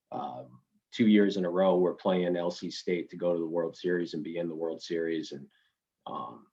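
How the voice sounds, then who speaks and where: A middle-aged man with a husky, lowish voice spins coaching stories in a long interview. He circles back, restarts sentences and tags them with "right?" The sound is dull and lo-fi, like a remote call. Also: darkish tone. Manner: storytelling, rambling with restarts and tag questions. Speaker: college baseball head coach, guest. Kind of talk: conversational interview storytelling.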